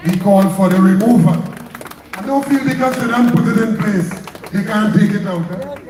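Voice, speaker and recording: Trinidadian man, union leader, high voice, fiery rally speech, booming echoey PA, heard from afar. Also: normal speed, background noise. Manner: fiery, rhetorical, repeating slogans. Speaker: trade union president. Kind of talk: May Day rally speech. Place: outdoor street rally. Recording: echoey PA from far off with crowd.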